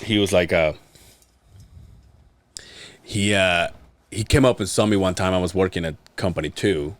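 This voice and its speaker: A man's voice: low-pitched, normal speed, no echo. A man hosting a podcast, telling rambling, profane work stories in casual chat and laughing often. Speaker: podcast host. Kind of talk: casual storytelling.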